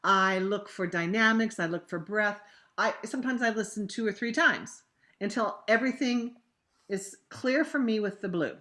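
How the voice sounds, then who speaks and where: Bright-voiced woman coaching singers on a video call. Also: mid-range voice, moderate pace. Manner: demonstrative, acts out diction examples with sudden loud bursts; conversational, warm coaching with fillers. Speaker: opera coach leading a master class. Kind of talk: virtual master class teaching.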